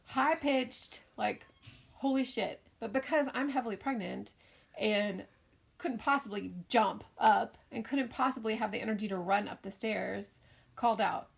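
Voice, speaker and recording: A middle-aged woman, a podcast co-host and mother, telling a family story in casual chat, animated and often laughing. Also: on the high side, measured pace, vocal fry, husky.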